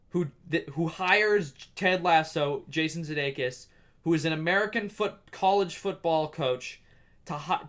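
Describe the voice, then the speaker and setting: A young man in his twenties hosting a casual solo podcast, gushing excitably and swearing as he talks. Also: on the high side. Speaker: podcast host.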